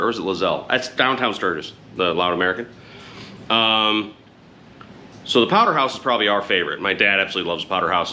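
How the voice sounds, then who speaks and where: A man's voice: on the low side, bright, forceful tone, slight background noise. A middle-aged man chatting casually to camera as a motorcycle vlogger, rambling and frank, often correcting himself.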